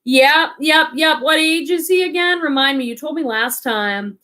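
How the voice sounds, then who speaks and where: Speaking at a normal speed in a high, bright, forceful voice, a woman who resells online runs a relaxed live stream. She reads out viewer comments and chats bubbly, dropping plenty of "likes" and "ums" and laughing often.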